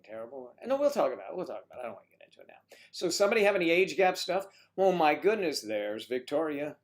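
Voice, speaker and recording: A man hosting a casual livestream, reading out viewer comments and chatting, teasing and calling people honey and sweetie. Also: mid-range voice. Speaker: livestream host reading chat.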